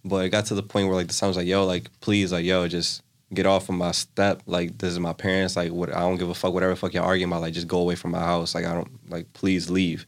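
A man's voice: sits low, monotone, fast, hardly any pauses. A young man casually retelling a story in a loose, rambling way, full of filler words. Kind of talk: casual chat.

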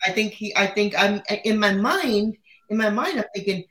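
Expressive woman in casual chat. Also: mid-range voice, normal speed, rough recording. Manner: expressive, laughing as she talks.

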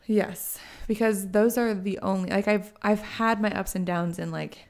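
A woman's voice: mid-range voice, steady tone, normal speed, darkish tone. A young woman co-hosting a podcast, chatting casually and rambling, often restarting her sentences and acting out quotes. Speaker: podcast co-host. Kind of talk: casual chat.

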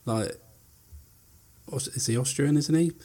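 A man's voice: mid-range voice, measured pace, mellow. A man reading out film trivia and chatting, a little hesitant. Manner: hesitant, with fillers. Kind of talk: reading out trivia, casual chat.

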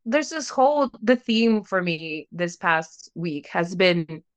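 A woman's voice: fairly low pitch, slow pace. A young woman co-hosting a podcast, telling a story in casual chat and acting out the quotes as she goes. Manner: animated storytelling, acts out quotes, frequent "like". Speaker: podcast co-host.

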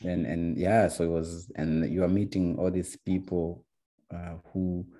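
A young man from Rwanda telling his story in a casual, halting way, with many restarts and fillers. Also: low-pitched, level tone, warm tone, a little hiss or hum. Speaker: guest.

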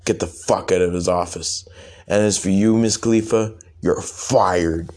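A man's voice: deep voice, fairly even intonation, measured pace, a little mellow. A man voicing a brash, impatient young male sidekick with streetwise talk.

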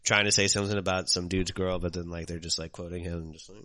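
A man's voice: deep voice, level tone, quick pace, pushed and bright. A young man chatting as a podcast guest, a singer who talks loosely, swears freely and laughs often. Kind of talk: casual chat.

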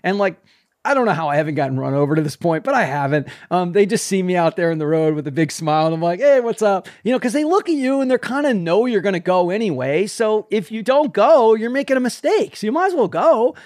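Older male host, lively and profane, raised voice, dry booth sound. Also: high voice, quick pace, dry recording. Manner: animated, swears freely, says "man" a lot. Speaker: running coach and podcast host. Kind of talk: casual chat.

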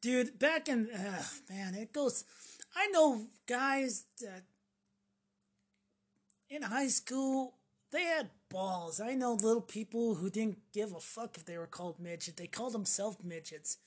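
A woman with a fairly high voice rants on camera in a loose, profane monologue. She is sarcastic and swears freely. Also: measured pace, breathy edge. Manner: sarcastic, acts out mocking voices. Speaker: vlogger.

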